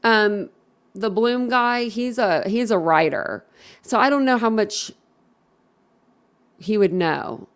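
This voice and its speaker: A woman's voice: medium pitch, takes it slowly, pauses often, clean tone. A woman from Philadelphia chatting casually on a live stream, rambling and outspoken with her viewers. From Philadelphia, USA.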